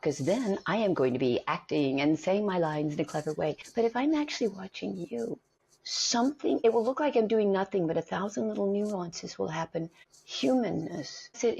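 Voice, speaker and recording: A woman's voice: medium pitch, gravelly, husky. A middle-aged woman, an acting coach, telling stories in a conversation and acting out the voices in them. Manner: animated storyteller, acts out quoted voices. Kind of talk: storytelling in a conversation. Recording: dull lo-fi recording.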